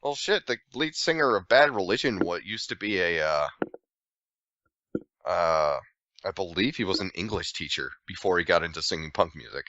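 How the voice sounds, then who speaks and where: Lively, bright-toned man cracking jokes. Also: deep voice, no room sound, dull audio. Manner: joking, riffing, quick asides and self-corrections. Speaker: podcast co-host. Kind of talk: casual chat.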